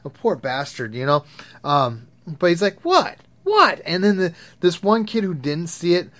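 A man's voice: a little high, moderate pace. A young man telling crude, rambling stories in a casual, profane way, laughing at his own tales. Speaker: vlogger. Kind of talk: profane storytelling rant.

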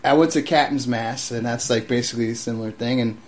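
Talking fast in a mid-range voice, this young man spins a story in loose, profane casual chat. He keeps restarting himself and puts on voices for the characters in his anecdotes.

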